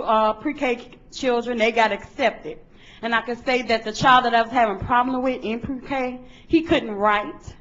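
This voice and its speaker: A woman's voice: fairly high pitch, fairly bright tone. A woman, a parent speaking plainly and earnestly in public testimony at a board meeting. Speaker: parent giving public comment. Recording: dull lo-fi meeting recording.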